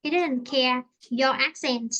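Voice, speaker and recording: High, bright Vietnamese woman teaching English. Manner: halting, repeats and rephrases often. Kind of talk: online English lesson.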